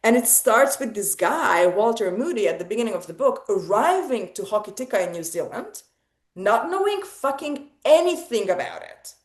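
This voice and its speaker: Animated woman talking in an echoey room. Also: a little high, normal speed. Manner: animated, digressive, laughs often, many restarts. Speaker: salon host. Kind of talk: casual literary discussion. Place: online video salon.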